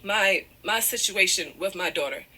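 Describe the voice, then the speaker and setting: A woman's voice: medium pitch, normal speed, over a noisy crowd. A woman telling a painful personal story, close to tears, apologizing often and circling back with "however". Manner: apologetic, repeats "however", digresses. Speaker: guest telling her side of a breakup.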